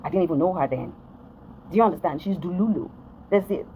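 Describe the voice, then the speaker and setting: A Nigerian woman vlogger rants straight to camera at her followers, speaking fast in a fairly low, warm voice. She's emphatic and repetitive, often asking whether they understand. The recording is rough, with slight background noise.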